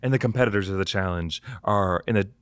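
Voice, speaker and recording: A man co-hosting a casual pop-culture chat, jokey and quick to riff. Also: lowish voice, clean tone, dry recording. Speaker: co-host.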